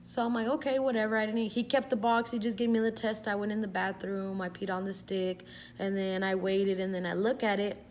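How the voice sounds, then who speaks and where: A woman's voice: mid-range voice, flat delivery, fairly quick, darkish tone. Young woman vlogger, casual storyteller, salty and rambling, everyday mid-range voice, light background hum. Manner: chatty, swears freely, fills with "like".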